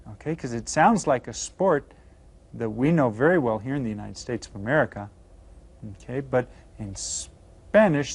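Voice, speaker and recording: A man's voice: a little high, a little mellow. Upbeat man teaching Spanish to children. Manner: upbeat, cues students with counts, slow careful Spanish words. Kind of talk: recorded classroom video lesson for children.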